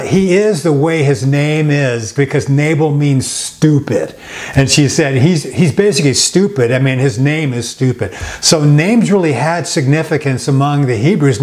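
A male pastor preaching a sermon, slowing down for emphatic repeated phrases, with frequent fillers. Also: a little high, darkish tone.

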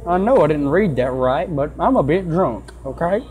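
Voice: medium pitch, animated, normal speed, a little mellow. A let's play gamer giving joking, self-mocking commentary while reading game dialogue aloud. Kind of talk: casual gameplay commentary.

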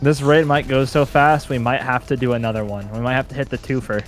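A man's voice: mid-range voice, steady tone, fairly quick, faint music behind. A man recording his game session and trading dry comebacks with friends. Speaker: gamer recording the video. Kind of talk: casual gaming banter.

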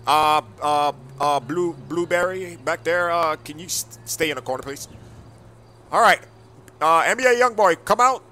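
A man playing a teacher in a game role-play, hesitant and full of pauses and restarts. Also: a little high, sharp tone, slight background noise.

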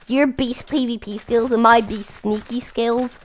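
A young woman chatting while playing a game, goofy and silly, often shouting and mooing. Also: a little high, steady tone, a little slow, slight background noise. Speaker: gamer. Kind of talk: casual gaming chat.

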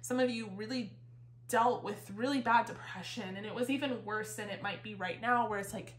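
This tarot reader has a slightly high voice and a moderate pace, and she rambles through her reading with lots of fillers and offhand swearing. Throughout, she seems a bit out of breath, and the roomy space adds a clear echo.

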